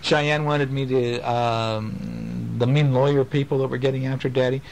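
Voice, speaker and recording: Gentle father reading a bedtime story. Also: medium pitch, moderate pace, gravelly, a little hiss or hum, low-quality recording. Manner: gentle and playful, with lively sing-song emphasis. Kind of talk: reading a picture book aloud to his children. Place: home.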